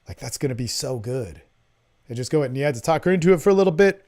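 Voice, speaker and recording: A man hosting a podcast, coaching listeners on dating in a blunt, profane way, swinging between loud emphasis and low murmurs. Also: fast. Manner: animated, acts out his own lines in a hushed voice. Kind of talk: casual coaching talk.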